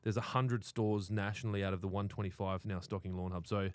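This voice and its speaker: A man's voice: low-pitched, steady tone, fast, no room sound, clean studio sound. An Australian man co-hosting a live lawn-care show, chatting casually with crude humour and frequent laughter. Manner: laughs through his stories, crude banter. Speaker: podcast co-host.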